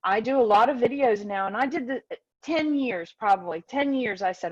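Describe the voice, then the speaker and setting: A woman's voice: fairly high pitch, lively intonation, moderate pace, a little mellow. A woman talks casually as host of an online session, heard over a video call. Her voice comes through a little dull and lo-fi. She rambles and restarts herself as she goes. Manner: chatty, loses track and restarts. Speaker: webinar host.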